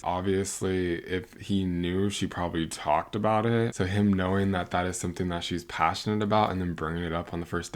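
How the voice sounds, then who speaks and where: Woman, very low voice, blunt sassy reaction commentary, casual chat. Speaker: reaction video host.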